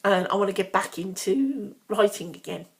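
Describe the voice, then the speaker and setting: A woman's voice: mid-range voice, animated, moderate pace, gravelly. A middle-aged woman with a Brummie accent, talking frankly in a casual, rambling monologue full of asides. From Birmingham, England. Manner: chatty, frank, with frequent ums and asides. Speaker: vlogger.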